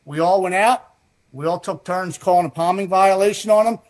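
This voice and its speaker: A man, a former basketball referee, telling a story in a measured, matter-of-fact way in a recorded interview. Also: sits high, a little mellow.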